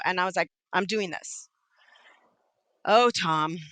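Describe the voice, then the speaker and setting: A middle-aged woman guest telling her own story candidly, animated and acting out the voices of people she quotes. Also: fairly low pitch, slow, smooth, no echo. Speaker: podcast guest.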